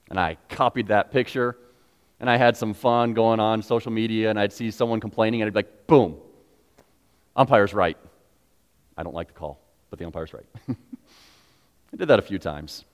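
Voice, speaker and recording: A man preaching a sermon to his congregation, animated and conversational, acting out quotes and asking the listeners questions. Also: on the low side, clean tone. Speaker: pastor. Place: church sanctuary. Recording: long church reverb.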